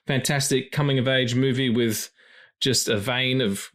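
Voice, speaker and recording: A man's voice: medium pitch, fairly even intonation, normal speed, a bit bright. Chatty man hosting a podcast. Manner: loose, chatty, swears freely, many fillers. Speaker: podcast co-host. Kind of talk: casual film podcast chat.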